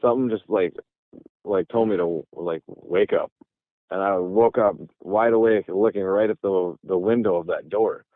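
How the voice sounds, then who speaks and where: A man's voice: deep voice, normal speed. A man from Michigan, a guest telling a long story in a casual, rambling way with many restarts, calling by phone from a parking lot. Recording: tinny phone line.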